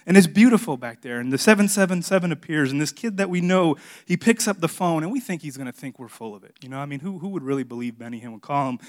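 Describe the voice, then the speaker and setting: A middle-aged man preaches a sermon and works a personal story into it. He speaks in a slightly high voice. He teases and confesses in turn, like a pastor having fun with his congregation. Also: expressive, fast, hardly any pauses.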